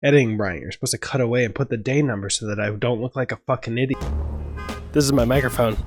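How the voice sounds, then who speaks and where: Excitable swearing man vlogging on the go. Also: medium pitch, fast, soft background music. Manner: jokey, excitable, swears freely, laughs mid-sentence. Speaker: movie vlogger and podcast host. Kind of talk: casual vlog talk to camera. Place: on the move between home, car and cinema.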